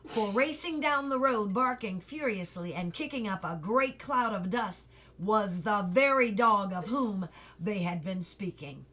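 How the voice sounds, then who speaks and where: A woman reading a children's novel aloud, putting on lively voices for the characters and pausing to correct her slips. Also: mid-range voice. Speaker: reader.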